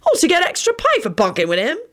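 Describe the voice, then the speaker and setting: A woman voicing a brash, cheeky young man who jokes loudly and mocks everyone. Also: high-pitched, huge pitch swings, fast talker, voice pushed up. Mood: cocky. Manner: loud, mocking, sing-song.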